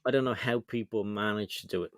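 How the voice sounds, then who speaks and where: A man's voice: on the low side, steady tone, fast talker, no echo. A man co-hosting a casual livestream, chatty and reading out viewer comments. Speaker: livestream co-host.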